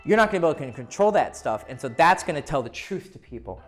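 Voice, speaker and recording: A man's voice: a little high, big pitch swings, quick pace, faint music behind. A man giving casual, blunt dating advice to camera, swearing freely and acting out what people say. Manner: blunt and profane, acting out quoted voices.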